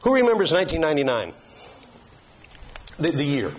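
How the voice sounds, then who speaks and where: A man's voice: on the high side, wildly swooping pitch, fairly quick. A middle-aged man giving a humorous Catholic talk to an audience, joking and asking them questions in a conversational way. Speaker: Catholic speaker.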